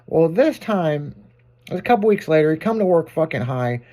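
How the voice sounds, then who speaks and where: A man's voice: a little high, lively intonation, a little fast, warm tone. Brief: male talk show regular, rowdy storyteller, curses freely, laughs through his anecdotes. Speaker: shop owner telling stories on a show. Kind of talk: casual storytelling chat.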